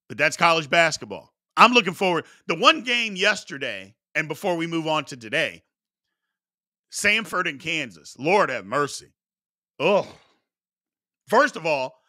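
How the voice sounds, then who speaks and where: A man's voice: on the high side, bright, forceful tone. A man from Kentucky hosting a casual sports talk show, reacting to chat comments and often repeating himself for emphasis.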